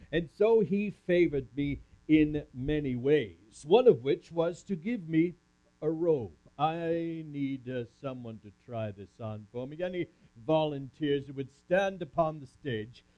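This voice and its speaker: A man's voice: fairly high pitch, mellow. Theatrical man telling a Bible story in character. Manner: theatrical, interacts with audience volunteer. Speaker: camp speaker. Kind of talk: first-person dramatic Bible monologue. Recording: muffled lo-fi recording.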